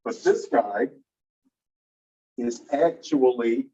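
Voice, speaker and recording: A man's voice: medium pitch, drawn-out words, mellow. A man teaching a class, explaining things step by step and putting questions to his students. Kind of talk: classroom lecture. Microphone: phone across the room. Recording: dull phone recording from a distance.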